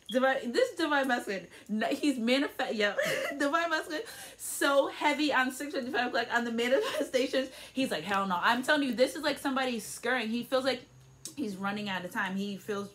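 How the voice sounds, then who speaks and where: A woman's voice: high-pitched, lively intonation, a little fast, fairly bright tone. A woman giving a casual tarot reading at home, emphatic and blunt, swearing freely and tossing in "okay?" as she goes. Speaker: tarot reader. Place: room at home.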